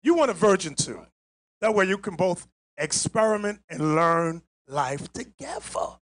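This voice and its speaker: High, animated man lecturing. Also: a little slow. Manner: emphatic, stops the clip to lecture. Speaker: teacher commenting on a clip. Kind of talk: animated commentary over a played clip.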